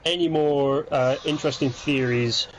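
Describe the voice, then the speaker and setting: A man's voice: mid-range voice, moderate pace, low-quality recording. Male co-host, early-morning sleepy, rambles and restarts, slight hum behind. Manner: rambling, self-interrupting, animated impressions. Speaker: podcast co-host. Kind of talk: casual gaming chat.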